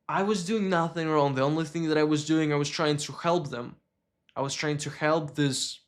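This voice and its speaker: A man from Russia, telling a painful personal story on a live stream in a candid, emotional way and swearing when upset. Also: a little high.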